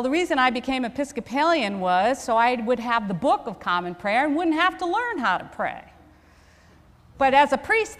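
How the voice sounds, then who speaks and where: A woman's voice: a little high, a bit bright, in a large hall. A woman Episcopal priest giving a conversational sermon, telling a personal story with self-deprecating humor. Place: church.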